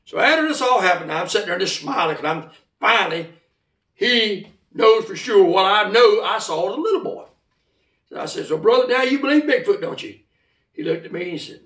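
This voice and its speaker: A man with a drawl spins a tale in a folksy, animated way, acting out the voices of the people in it. His voice sits high and swings widely, with a gravelly rasp. He sounds a little distant from the mic in an echoey room. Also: brisk. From South Carolina. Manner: folksy, animated, acts out voices in quoted speech. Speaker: storyteller. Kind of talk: casual oral storytelling.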